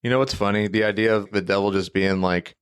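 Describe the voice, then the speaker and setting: A man hosting a horror podcast, relaxed and jokey in conversation and upbeat in the outro. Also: fairly low pitch, fast, smooth. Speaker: podcast host. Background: music.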